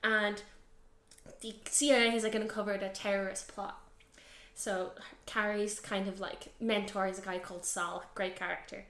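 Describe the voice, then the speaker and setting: A young adult woman co-hosting a podcast, casually recapping a TV series in an animated way, full of fillers and swearing. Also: medium pitch, normal speed, echoey room. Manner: animated, heavy filler use, swears freely. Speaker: podcast co-host.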